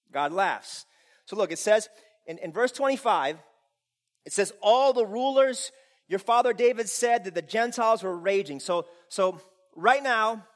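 Male pastor, sermon, high voice, swinging pitch, lively delivery. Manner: animated preaching with bursts of loud laughter and playful voices.

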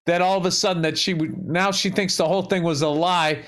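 A man's voice: high voice, steady tone, brisk, a bit bright. Wisecracking man in casual podcast chat. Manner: wisecracking, profane. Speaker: podcast co-host.

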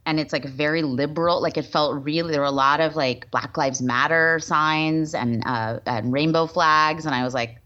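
Woman podcast host with a low voice, chatting and telling a story, slightly dull lo-fi sound. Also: moderate pace, hardly any pauses. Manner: animated storyteller, acts out quoted voices. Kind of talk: casual chat. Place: Los Angeles.

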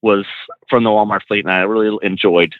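A man who trains truck drivers, a podcast guest telling animated road stories with frequent laughs and restarts. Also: lowish voice, brisk, no room sound, narrow, tinny audio. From California. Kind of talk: casual storytelling.

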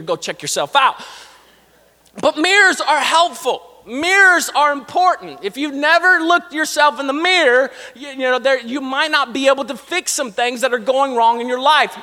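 High bright-voiced man preaching a sermon. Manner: conversational preaching with asides. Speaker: pastor. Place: church sanctuary. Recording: long hall reverb.

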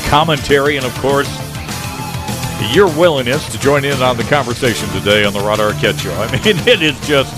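A middle-aged man hosting a talk radio show, talking in an animated, indignant, conversational way with frequent restarts. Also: mid-range voice. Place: radio studio.

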